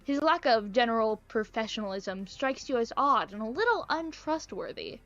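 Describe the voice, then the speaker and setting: A woman's voice: on the high side, expressive, normal speed, fairly bright tone, muffled recording, soft background music. Playful young woman reading a game aloud. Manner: playful, chatty, self-mocking asides. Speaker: gaming video creator. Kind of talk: reading a visual novel aloud with commentary.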